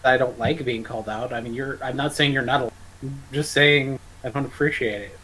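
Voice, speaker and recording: A man's voice: medium pitch, steady tone, brisk, pushed and bright, poor audio. A man joining a stream over a voice call, chatting casually with crude jokes and a habit of arguing his point. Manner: crude, joking, argumentative. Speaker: guest co-host on a stream.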